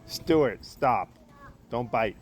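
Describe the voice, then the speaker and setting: A man's voice: medium pitch, animated, extremely slow, slight background noise. A man casually telling a long personal story outdoors while barbecuing, rambling and correcting himself, with the odd curse word.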